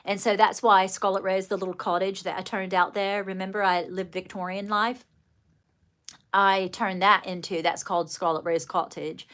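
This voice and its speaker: A woman's voice: medium pitch, little pitch movement, moderate pace, fairly bright tone. A woman with a light, adopted British RP accent hosting a casual livestream, gushing and affectionate, calling viewers darling and saying little often. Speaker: livestream host and children's book author.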